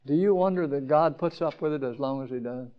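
A man preaches a sermon at a campground meeting, speaking fairly quickly and asking the crowd rhetorical questions. He swings from emphatic peaks down to quiet, low passages, and the audio sounds dull.

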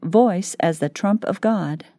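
A woman reading a devotional book aloud in scripted narration, slow and measured. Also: medium pitch, dark tone, no echo, clean studio sound. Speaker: audiobook reader.

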